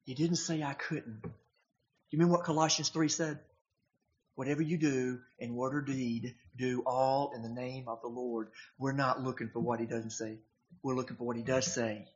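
A man's voice: medium pitch, flat delivery, moderate pace, dull audio. A man preaching a sermon, emphatic and posing rhetorical questions to his congregation.

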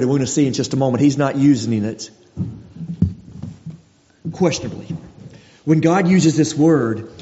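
Mellow and mid-range, a man's voice carries a sermon that sounds like conversation, often breaking off to restart a phrase or act out a quote. The sound is dull and echoes with a long hall reverb.

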